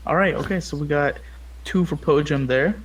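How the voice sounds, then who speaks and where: Low-voiced woman running the table. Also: normal speed, slightly rough, rough recording. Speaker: game master. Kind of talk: wrapping up a game session.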